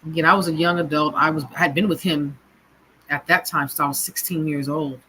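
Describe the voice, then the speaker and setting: A woman telling her own story of abuse as a personal testimony, in a halting way full of fillers and restarts. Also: sits low, steady tone, sharp tone, slight background noise, rough recording. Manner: halting, full of "you know" and "kinda" fillers.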